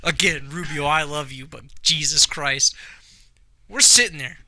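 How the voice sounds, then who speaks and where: Animated, profane young man telling stories. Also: a little high, measured pace, poor audio. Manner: animated, profane, acts out quarrels. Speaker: podcast co-host. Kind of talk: casual storytelling chat.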